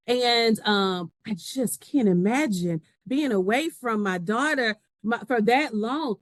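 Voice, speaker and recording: A woman guest on a podcast recounts her story in a lively way, putting on the voices of the people she quotes. Her voice sounds dry and close, with almost no room around it. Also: on the high side, measured pace, hardly any pauses, dry recording. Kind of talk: casual conversation.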